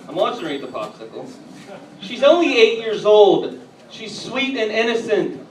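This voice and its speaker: A man doing a stand-up comedy routine on a club stage, telling edgy jokes and bantering with the crowd, at times getting loud. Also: high voice, big pitch swings, normal speed. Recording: echoey, distant, noisy live room.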